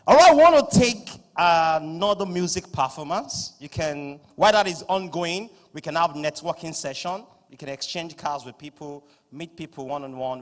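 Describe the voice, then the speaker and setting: Nigerian male MC, playful and loud with pidgin asides, slightly high voice, long hall reverb. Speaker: master of ceremonies. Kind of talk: live event hosting. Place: large conference hall. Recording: echoing hall through PA.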